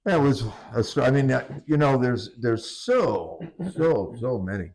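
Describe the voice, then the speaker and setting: An older man with a gravelly edge to his voice tells stories from his fishing years. He swears freely and laughs easily, relaxed in an interview. He grew up on the US east coast. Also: mid-range voice, unhurried. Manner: salty, profane, laughs through stories. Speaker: retired commercial fisherman. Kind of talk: casual storytelling interview.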